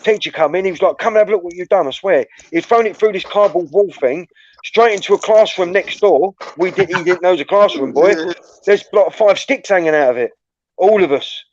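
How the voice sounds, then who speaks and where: A man's voice: sits high, a little fast. A young man hosting a casual chat, telling school stories full of swearing and laughter. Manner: swears freely, laughs through anecdotes. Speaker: host. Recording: muffled, dry sound.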